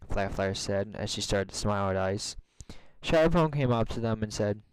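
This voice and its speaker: A man reading a fan story aloud in plain, steady narration. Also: on the low side, moderate pace, smooth, no room sound, poor audio. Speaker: story reader.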